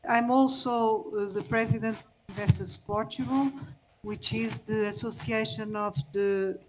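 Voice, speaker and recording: A woman investor introducing herself on a panel in a measured way. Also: a little high, steady tone, poor audio. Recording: faint background noise.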